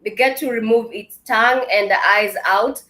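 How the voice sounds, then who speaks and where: A woman with a slightly high voice hosts a talk show in casual chat. She talks chattily and pauses on fillers while she explains. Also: pushed and bright. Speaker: show host.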